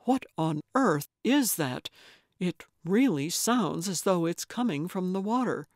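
A woman doing a gruff, blunt man. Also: lowish voice, expressive, measured pace, dry recording, studio quality. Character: grumpy blunt man, tired.

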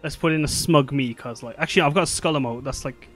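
A man's voice: medium pitch, quick pace, fairly bright tone, soft background music. A man hosting and wrapping up a streamed tabletop game, talking in a laid-back, rambling way with casual swearing. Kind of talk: casual wrap-up chat.

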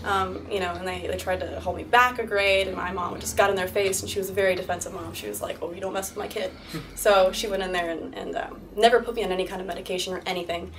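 A woman's voice: on the low side, steady tone, fast, a bit bright. A young woman in her twenties speaking candidly as a guest at a university talk, laughing often and acting out quoted lines. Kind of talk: interview-style talk to a live audience. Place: university lecture room. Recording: distant mic with faint room noise.

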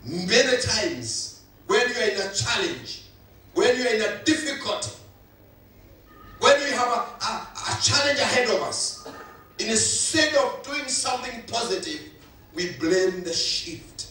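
A man's voice: high-pitched, big pitch swings, a little slow, bright, forceful tone, slight background noise. A male pastor, preaching a sermon with emphatic repetition. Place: church hall. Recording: echoey hall, voice from far off.

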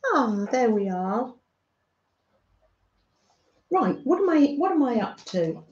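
Slow, gentle British woman on a stream. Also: on the high side, very animated. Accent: British English. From Britain. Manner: soft, motherly, chatting to viewers with frequent little laughs. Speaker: craft livestream host. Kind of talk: gentle chatty livestream. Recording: roomy, slightly dull home stream audio.

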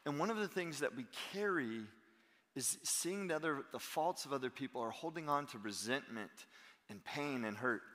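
A man in his thirties, a pastor preaching a sermon in animated storytelling style. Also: medium pitch, moderate pace, long reverb tail. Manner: animated storytelling, acting out quotes. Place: church sanctuary.

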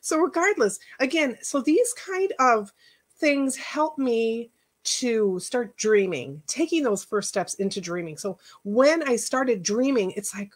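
A woman's voice: fairly high pitch, expressive, takes it slowly. A middle-aged woman life coach giving a casual workshop talk, earnest and emotional, chatty with many asides. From Northwest Indiana, United States.

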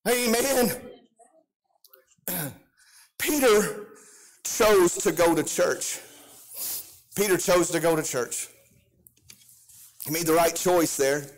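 A man's voice: high-pitched, slow pace, long pauses. A pastor preaching a sermon with an impassioned, sing-song cadence and frequent call-outs to his congregation.

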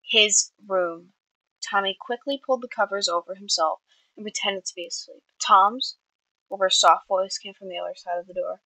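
A woman's voice: mid-range voice, steady tone, brisk, sharp tone, rough recording. A woman reading her own story aloud, with small slips and self-corrections. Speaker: amateur writer.

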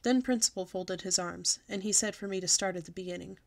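A woman's voice: mid-range voice, fairly quick, vocal fry. Woman reading a children's book aloud. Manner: lively, expressive storybook reading. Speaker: storyteller.

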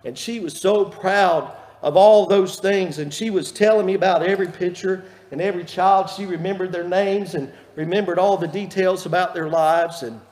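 Folksy pastor in an echoey church. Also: male voice, high voice, steady tone, moderate pace, hardly any pauses. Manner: folksy storytelling, warm and earnest. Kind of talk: sermon. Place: church sanctuary. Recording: echoey church hall reverb.

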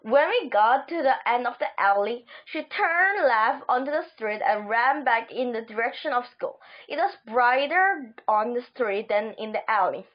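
A woman reading a children's book aloud, halting and stumbling over words. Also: fairly high pitch, lively intonation. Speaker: audiobook reader. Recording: dull lo-fi recording.

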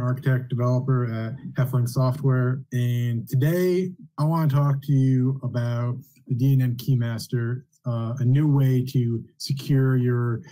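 A young man presenting a technical talk over a video call, speaking in a measured way with frequent fillers. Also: medium pitch, warm tone, poor audio. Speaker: guest speaker.

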